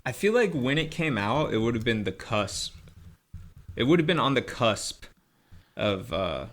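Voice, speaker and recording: Wry bright-toned man. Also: medium pitch, a little slow. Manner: wry, deadpan, hesitant. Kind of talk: casual chat.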